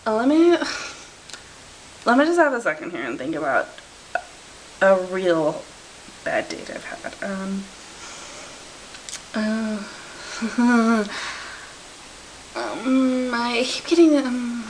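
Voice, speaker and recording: A woman's voice: on the high side, very animated, takes it slowly, long pauses, slight background noise, low-quality recording. A woman telling a comedic story to camera, rambling, interrupting herself and giggling as she loses track. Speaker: vlogger.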